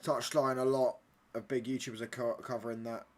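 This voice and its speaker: A young man live-streaming a football watchalong, reacting excitedly and bantering with viewers in slangy chat. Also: mid-range voice, brisk.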